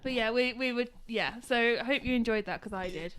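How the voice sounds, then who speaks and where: A woman's voice: fairly high pitch, a little fast, clean tone. A woman co-hosting a live chat show, making dry teasing remarks. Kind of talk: casual chat.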